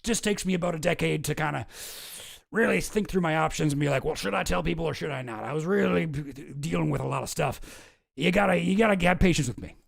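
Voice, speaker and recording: A man's voice: on the high side, fast talker, creaky. A man doing a sarcastic impression of a blustering talk-show host making a fake, rambling confession. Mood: mock-sincere. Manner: mock-sincere, sarcastic, rambling.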